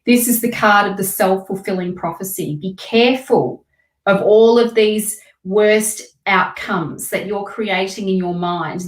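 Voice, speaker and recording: A woman's voice: medium pitch, measured pace, echoey room. A woman doing live tarot readings, chatting with viewers and giving emphatic advice. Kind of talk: casual live-stream reading.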